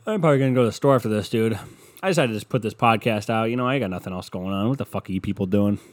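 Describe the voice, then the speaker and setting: A man's voice: on the low side, very fast. A man hosting a casual solo podcast, rambling and swearing sarcastically while browsing online maps at his desk. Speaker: podcast host. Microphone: computer mic at desk, browsing online maps.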